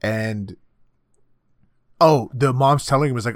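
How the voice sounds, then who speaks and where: A man's voice: medium pitch, slow pace, dry recording, clean studio sound. Joking, profane man in casual chat. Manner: profane, joking, acts out scenes in silly voices. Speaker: podcast co-host. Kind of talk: casual anime recap chat.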